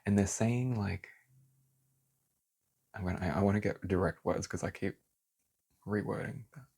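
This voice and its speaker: Low husky-voiced man giving a tarot reading. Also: normal speed, a little mellow. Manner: heated, swears, then apologizes. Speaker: tarot reader. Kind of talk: casual tarot reading to camera.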